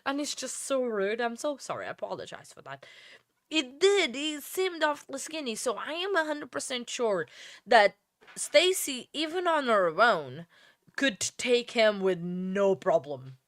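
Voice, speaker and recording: A woman's voice: fairly high pitch, big pitch swings, measured pace, dry recording, clean studio sound. A tired woman hosting a true crime livestream, chatting casually and rambling while she comments on a trial. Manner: chatty, rambling, apologetic asides. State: tired, yawning.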